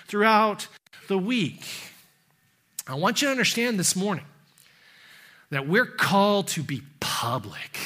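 A man preaching a sermon in a church, building up loud and high on scripture, then dropping low and soft at the ends of phrases. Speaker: pastor. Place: church sanctuary.

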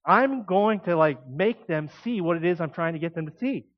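A man preaching a sermon in an animated, conversational way, with emphatic asides. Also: fairly high pitch, brisk, lo-fi sound.

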